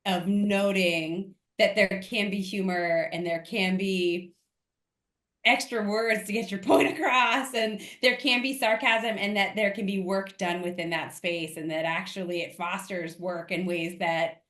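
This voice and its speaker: A woman hosts a podcast conversation, her questions thoughtful and sometimes searching for the right words. Her voice sits at a middling pitch. It carries a roomy echo. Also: unhurried, a bit bright. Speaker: podcast host. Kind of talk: casual interview conversation.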